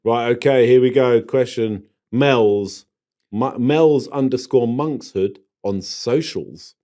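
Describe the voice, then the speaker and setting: A man's voice: mid-range voice, slow, dark tone. A man co-hosting a gardening podcast, chatting casually in a rambling, jokey way that keeps interrupting itself. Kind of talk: casual chat.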